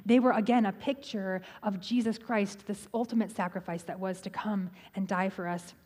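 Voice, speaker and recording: Husky and steady, at a moderate pace and mid-range pitch, this middle-aged woman pastor delivers a sermon in church. The recording is rough with loud background noise, and she speaks conversationally, restarting phrases and adding humorous asides.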